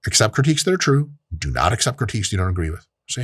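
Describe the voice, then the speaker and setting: A man's voice: on the low side, big pitch swings, racing, fairly bright tone, slightly rough, no echo, clean studio sound. A man hosting a podcast, giving blunt, profane and emphatic advice in a casual monologue, acting out quoted exchanges along the way. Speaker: podcast host.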